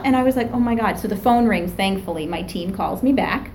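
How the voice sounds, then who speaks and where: Middle-aged woman telling stories, very animated, does the voices, bit of faint room hiss. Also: medium pitch, fairly quick, few pauses, low-quality recording. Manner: lively, acts out quoted voices, laughs often. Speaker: therapist and professor. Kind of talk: animated storytelling in an interview.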